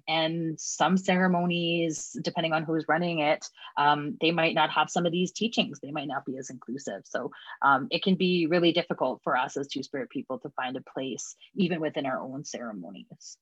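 Woman, community liaison guest; low-ish, sincere, gentle delivery, dry muffled recording. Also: slightly rough, no echo. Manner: heartfelt, soft-spoken, frequent "um" and "right?". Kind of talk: earnest interview answers. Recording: dull, dry lo-fi sound.

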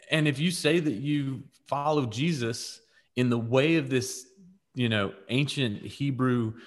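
A chatty man co-hosts a faith podcast, telling stories in casual conversation with lively swings in pitch. He keeps saying "like" and "right?" and voices the people he quotes as though acting them out.

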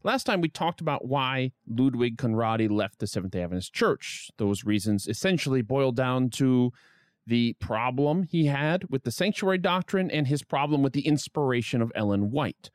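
A man's voice: medium pitch, normal speed, no echo, studio quality. A man hosting a history podcast, reading a scripted narration with wry asides. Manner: lively storytelling with wry asides. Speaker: podcast host.

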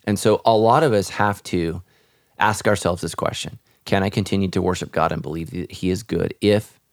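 A man's voice: low-pitched, steady tone, normal speed, no room sound, studio quality. A man, a pastor, speaking earnestly and reflectively in a podcast conversation about faith.

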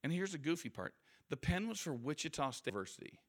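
A guest speaker gives an anecdotal motivational talk before a live audience, telling stories in a conversational, self-deprecating way. His voice is fairly high, swings widely in pitch, and moves fast.

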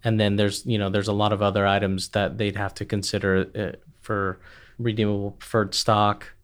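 A man's voice: on the low side, little pitch movement, normal speed. A man on a podcast methodically listing technical accounting requirements, with frequent "right" and "um". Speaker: accounting expert guest. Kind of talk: explanatory podcast discussion.

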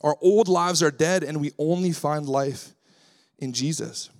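A male pastor preaching a sermon in a relaxed, conversational way, weaving in stories about his daughters and acting out what he says to them. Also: fairly high pitch, measured pace. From Canada. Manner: lively, acts out his own voice when quoting himself.

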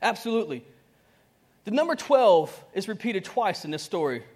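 At normal speed and in a high-sitting voice, a pastor addresses his congregation in a lively, chatty style. He dramatizes dialogue, changes volume abruptly, and chuckles often.

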